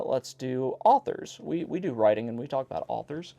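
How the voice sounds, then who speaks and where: Lively man reading old jokes aloud. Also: medium pitch, moderate pace, creaky, few pauses, muffled recording. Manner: wry, breaks off to comment on each joke. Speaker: host reading an old joke book. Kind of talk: casual reading aloud with commentary. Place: indoor home recording in South Carolina.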